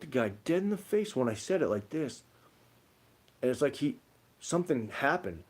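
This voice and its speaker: A man's voice: mid-range voice, sing-song, moderate pace. Rambling man chatting on a livestream. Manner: rambling storytelling, many "like" fillers. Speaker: livestream co-host. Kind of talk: casual livestream chat reading comments.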